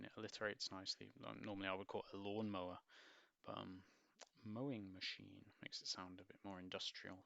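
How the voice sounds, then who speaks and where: A man's voice: lowish voice, creaky, bright, forceful tone, dry recording, lo-fi sound. A man reading a picture book aloud and breaking off for wry, musing asides with hesitant ums. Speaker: book reviewer.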